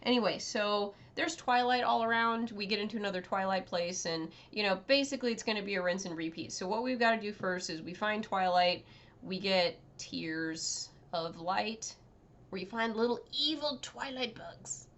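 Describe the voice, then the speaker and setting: A woman's voice: medium pitch, moderate pace, fairly bright tone. A woman reviewing a video game in a casual, rambling rant, sarcastic and full of fillers.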